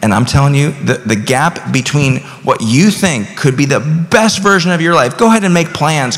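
A man's voice: mid-range voice, expressive, a little fast, gravelly, few pauses, a bit bright. A man in his thirties preaching a sermon as pastor, talking conversationally and rising to emphatic bursts. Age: 30s. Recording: long reverb of a large hall.

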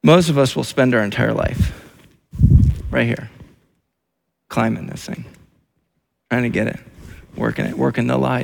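A man's voice: medium pitch, fairly even intonation, moderate pace, gravelly, pauses often, slight background noise. A man preaching a sermon as pastor, in a repetitive, emphatic way with many restarts.

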